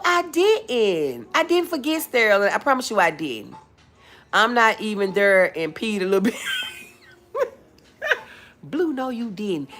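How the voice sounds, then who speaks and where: A woman's voice: medium pitch, pushed and bright. A woman hosting a casual home livestream, chatting with viewers, laughing often and calling them y'all and baby. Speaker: livestream host.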